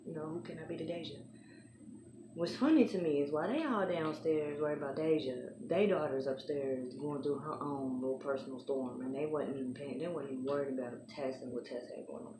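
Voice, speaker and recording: A woman's voice: sits low, a little fast. A woman casually recapping and reviewing a TV episode, chatty and acting out the characters' lines as she retells scenes. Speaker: TV show reviewer. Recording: echoey room with background noise.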